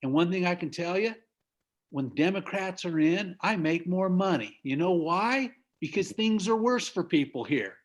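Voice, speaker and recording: Expressive and high-pitched, a middle-aged American business trainer moves at a moderate pace through an emphatic motivational talk on a video call. He preaches a bit and laughs at the stories he tells.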